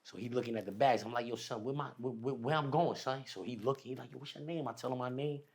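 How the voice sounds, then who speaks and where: A man telling a long personal story in casual, slangy street talk, animated as he retells it. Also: mid-range voice, quick pace, slightly rough. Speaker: podcast guest.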